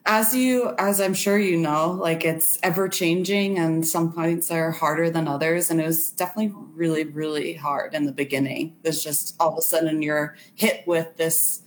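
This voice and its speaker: A woman's voice: deep voice, fairly even intonation, normal speed, hardly any pauses, a little hiss or hum. A young woman talking casually as a podcast guest, earnest, with frequent filler words. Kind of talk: casual chat.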